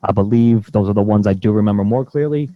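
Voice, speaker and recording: A man's voice: lowish voice, fast talker, no room sound, phone-quality sound. A man co-hosting a casual podcast chat about films, rambling through fillers and restarts. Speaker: podcast co-host.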